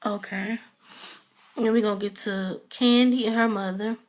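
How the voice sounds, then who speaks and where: A woman chats casually in a gossipy, rambling vlog, with plenty of "um" and "you know" as she goes. Her voice sits at a middle pitch and sounds conversational and unpolished. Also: steady tone, moderate pace. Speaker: vlogger reviewing a TV episode. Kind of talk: casual chat.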